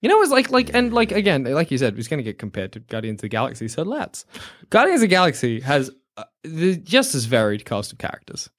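Man, bit high, lively swings, casual swearing film-podcast co-host. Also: fast. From Australia. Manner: swears freely, acts out quotes in mock voices. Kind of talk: casual film review chat.

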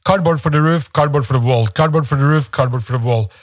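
A man's voice: fairly high pitch, fast talker, no echo, clean studio sound. A man co-hosting a playful comedic podcast, teasing his partner and hesitating with lots of fillers. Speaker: podcast co-host.

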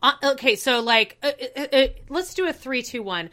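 A woman's voice: high voice, animated, normal speed, pushed and bright. A young woman co-hosting a podcast, chatting bluntly and laughing often. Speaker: podcast co-host. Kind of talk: casual chat.

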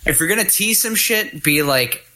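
A man's voice: fairly high pitch, expressive, normal speed, pushed and bright. A man co-hosting a casual gaming podcast, chiming in bluntly with jokes and swearing. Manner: blunt, profane, joking. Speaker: podcast co-host. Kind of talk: casual gaming news chat.

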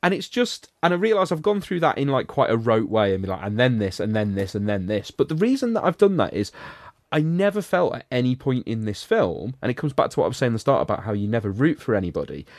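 A man's voice: medium pitch, very animated, quick pace, dry recording. A man hosting a podcast, giving a sardonic, rambling recap of a film in casual chat. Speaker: podcast host reviewing a film.

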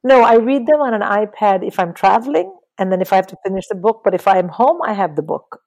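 A middle-aged woman talking casually about books in an interview, animated and swearing freely. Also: mid-range voice, quick pace, low-quality recording. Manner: animated, swears, mimics people in quotes. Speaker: guest.

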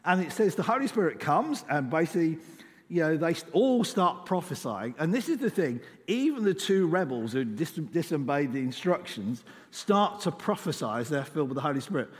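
Male preacher, animated and slightly high-pitched delivery, informal sermon, long church-hall reverb. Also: moderate pace. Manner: informal, conversational, with emphatic rises on key lines.

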